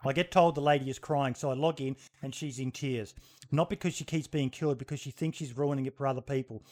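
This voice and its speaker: A man's voice: mid-range voice, fairly even intonation, quick pace, darkish tone. A man hosting a casual livestream podcast, talking bluntly and swearing freely. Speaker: podcast host.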